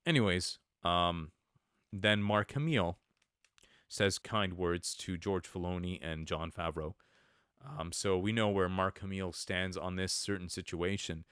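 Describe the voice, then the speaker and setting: A man's voice: low-pitched, a little slow, fairly bright tone, clean tone, dry recording, clean studio sound. A man hosting a podcast, rambling through casual commentary with many fillers and sarcastic asides. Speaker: podcast host.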